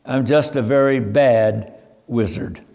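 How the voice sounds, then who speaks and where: A man's voice: slow, vocal fry, dark tone, big-room sound. A man reading aloud the lines of a blustering, stammering male wizard. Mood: sheepish. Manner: booming then stammering.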